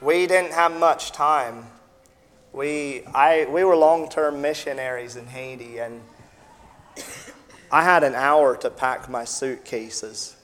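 A man's voice: medium pitch, slow, a bit bright. A man from the United States, a missionary, telling a personal testimony with vivid sound effects and acted-out dialogue at a Sunday evening church gathering. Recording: long reverb in a large hall.

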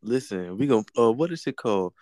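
A man's voice: mid-range voice, expressive, quick pace, crowd noise. A young man co-hosting a casual podcast, making laid-back, profane, joking asides. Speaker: podcast co-host.

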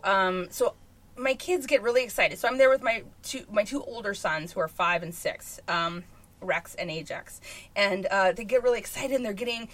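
A woman's voice: mid-range voice, a bit bright. Exasperated, profane woman telling a story. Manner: profane, exasperated, laughing as she tells it. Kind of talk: casual comedic storytelling.

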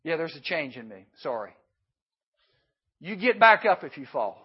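A man giving an emphatic sermon at a youth camp, swinging between hushed and loud. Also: a little high, very animated, moderate pace, husky. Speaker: camp speaker. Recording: dull lo-fi recording.

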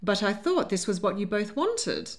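A woman voicing a spirited young lady who answers in a crisp, indignant way. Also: medium pitch, big pitch swings, moderate pace. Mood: defiant.

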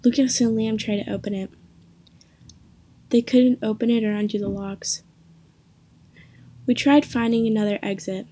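A young woman reading her own spooky story aloud, lifting her voice for the quoted lines and dropping low and soft for the narration. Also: steady tone, moderate pace, pauses often. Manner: reads quotes with more pitch and force, narration low and soft.

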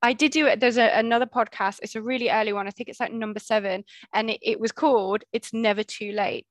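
A woman's voice: a little high, steady tone, quick pace, no echo. A middle-aged woman hosting a podcast, chatting casually with her guest and often restarting her sentences. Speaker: podcast host. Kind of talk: casual interview chat.

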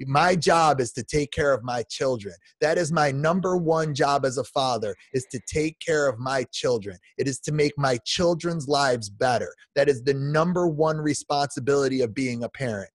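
A man's voice: mid-range voice, moderate pace, few pauses, no room sound. A man in his forties, a podcast guest delivering an emotional, heartfelt rant full of restarts. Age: 40s. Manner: emotional, repetitive restarts, says "man" often.

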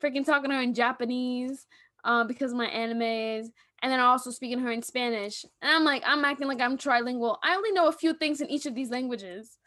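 A young woman co-hosting a podcast, chatting casually and telling animated stories with laughter. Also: high-pitched, brisk, no echo. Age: young adult. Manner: animated storytelling, acts out voices, laughs often. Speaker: podcast co-host. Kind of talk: casual chat.

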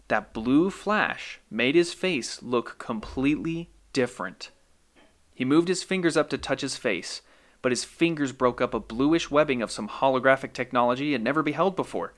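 A man reads a scripted short story for his own podcast. His delivery is calm and measured, at a middling pitch. He sounds like a host settling listeners into a tale.

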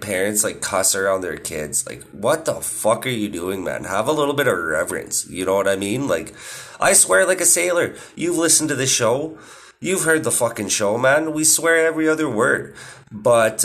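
A man's voice: mid-range voice, very animated, moderate pace, a bit bright. A man in his thirties hosting a podcast, rambling casually with constant swearing and laughing at his own stories. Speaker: podcast host. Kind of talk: casual monologue.

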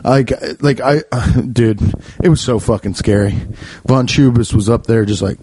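A man hosting a podcast, telling a comic story in a rambling, profane, animated way. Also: unhurried, slight background noise. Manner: rambling, profane, animated, often jumping high. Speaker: podcast host. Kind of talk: comedic storytelling.

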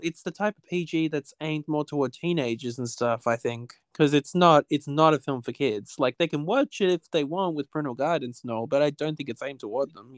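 Man, fairly high smooth voice, rambling casual chat, lots of "basically", dry close sound. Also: no room sound. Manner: rambling, repeats "basically", restarts often. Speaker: podcast guest. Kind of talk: casual conversation. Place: home with cats.

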